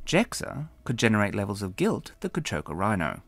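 A man narrating his own novel as an audiobook in a wry, expressive storytelling manner. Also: lowish voice, a little fast, vocal fry, few pauses, husky, no echo. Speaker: author and narrator.

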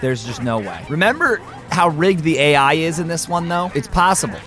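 A man plays through a party game with hyper, running commentary, chanting single words again and again and shouting at the screen. His voice sits on the high side, with a little music playing faintly underneath. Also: lively intonation, moderate pace. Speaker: gaming YouTuber. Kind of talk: excited let's-play commentary.

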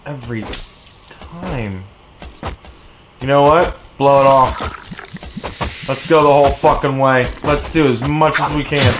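A man playing a video game and commenting as he goes, excitable, yelling and swearing at his units. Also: slow pace, pauses often, a little hiss or hum. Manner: reads in-game text aloud in a low, quiet voice. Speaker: let's play gamer.

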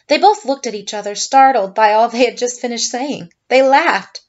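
A woman teacher reading a short story aloud in steady narration. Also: fairly high pitch, normal speed, few pauses, highs cut off.

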